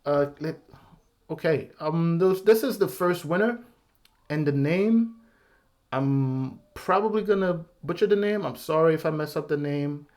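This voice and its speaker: A man's voice: fairly high pitch, lively intonation, measured pace, darkish tone. A man hosting his own channel's giveaway vlog, talking casually in a rambling, apologetic way with nervous laughs. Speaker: YouTube channel host.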